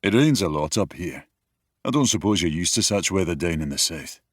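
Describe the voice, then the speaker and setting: A brooding young wolf king with a very deep, husky voice for a fantasy romance audiobook. He talks in an easygoing, teasing way. The studio sound is close and completely dry. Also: lively intonation, a little fast, no room sound. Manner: easygoing, teasing, turns quiet and wistful. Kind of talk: dual-narration audiobook acting. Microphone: close studio mic, dry.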